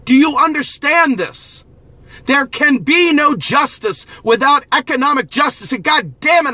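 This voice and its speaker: Fired-up guy ranting and cursing at his viewers, really high bright voice, bone-dry sound. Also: dry recording. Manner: angry, profane, exhorting, often shouting. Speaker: host of a political commentary show. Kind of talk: impassioned political rant to camera.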